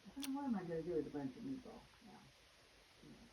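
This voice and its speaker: A woman's voice: sits low, very animated, fast talker, background noise. An older woman and mother in casual family chat at home, rambling and repeating herself. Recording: dull lo-fi home recording.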